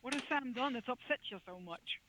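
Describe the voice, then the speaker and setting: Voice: high voice, lively intonation, a little fast, bright, forceful tone. A player in a tabletop game who keeps asking probing questions. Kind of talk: casual tabletop game chat. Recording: dull lo-fi mic with faint hiss.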